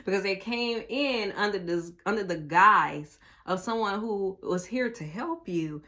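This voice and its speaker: Blunt, animated woman doing a tarot reading. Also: medium pitch, measured pace. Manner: animated, blunt, swears freely, talks straight to the viewer. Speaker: tarot reader. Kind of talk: casual tarot reading to viewers.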